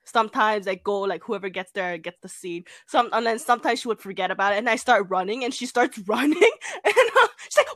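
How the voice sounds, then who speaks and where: A young woman chatting casually and giggling, acting out stories with high shrieks. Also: sing-song, a little fast, few pauses, fairly bright tone, no echo, studio quality. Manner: giggly, acts out quotes with shrieks. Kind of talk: casual chat.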